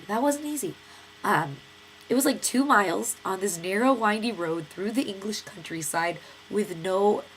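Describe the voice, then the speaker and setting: Gravelly-voiced young American woman, stuffy-nosed. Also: mid-range voice, a little hiss or hum. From United States. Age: 20s. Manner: chatty, lively storytelling with many fillers and acted quotes. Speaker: vlogger. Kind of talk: casual rambling vlog storytelling.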